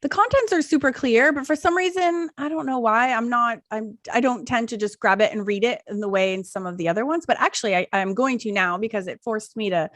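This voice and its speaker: A middle-aged woman co-hosting a podcast in casual chat, rambling and animated with many restarts. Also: fairly high pitch, fairly quick, hardly any pauses, no echo, studio quality. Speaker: podcast co-host.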